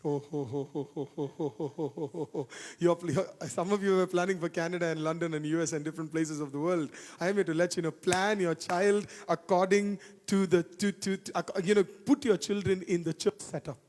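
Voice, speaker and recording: High-pitched guy preaching hard, says stuff twice for emphasis, big echoey church hall. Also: steady tone, a little fast, hardly any pauses, a little mellow. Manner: fervent preaching with repeated phrases. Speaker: pastor. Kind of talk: sermon. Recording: long hall reverb.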